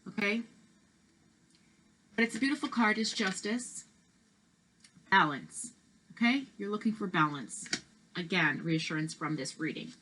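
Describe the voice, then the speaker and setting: A woman's voice: medium pitch, lively intonation, measured pace, long pauses, bright, forceful tone, slight background noise, poor audio. A woman reading tarot cards in a casual, chatty and reassuring way, with many fillers and restarts. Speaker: tarot reader.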